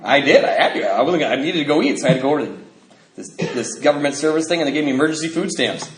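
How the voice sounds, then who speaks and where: A middle-aged American man tells his recovery story to a meeting in a convention hall, speaking very fast in a high, animated voice. He acts out voices and laughs often, and the recording has roomy hall sound and faint noise.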